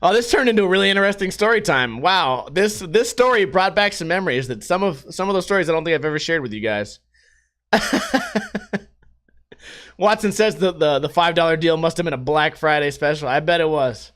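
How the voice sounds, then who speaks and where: A young man from the United States hosts a casual solo podcast, telling profane stories through bursts of laughter. His voice is high and bright, and his pitch swings widely. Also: expressive, fairly quick. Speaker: podcast host.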